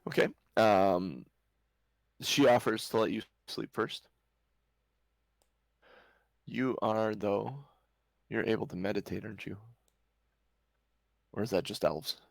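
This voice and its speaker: Low gravelly guy running a d&d game, dry close mic, lots of ums. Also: slow pace, long pauses, no echo, rough recording. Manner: hesitant, lots of restarts and ums. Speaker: game master. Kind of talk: narrating a tabletop game.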